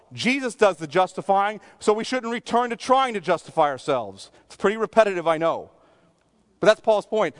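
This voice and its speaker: A man preaching a sermon as a pastor, earnest, sometimes dropping to a soft near-whisper and sometimes pleading. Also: high voice.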